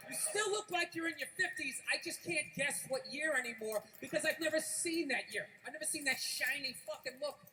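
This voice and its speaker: A man's voice: very high-pitched, lively intonation, a little fast, few pauses, bright, forceful tone, low-quality recording. A man doing a profane, mocking stand-up routine before a live audience. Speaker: stand-up comedian. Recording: live recording with clear background noise.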